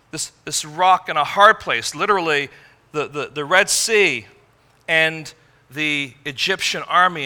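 A man preaching a sermon in an earnest way, rising to emphatic peaks and dropping low and quiet. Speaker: pastor.

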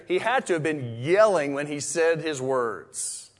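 A male pastor delivers a sermon in a fairly high voice. He talks conversationally, stumbling over restarts, then rises to loud exclamations or drops to a hushed whisper. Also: expressive, unhurried, few pauses.

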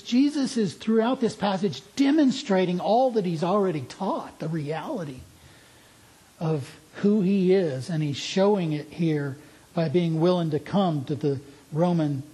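A man's voice: high-pitched, expressive, measured pace, dark tone, slightly rough, rough recording. A man preaching a sermon in an earnest, emphatic way, asking his listeners pointed questions.

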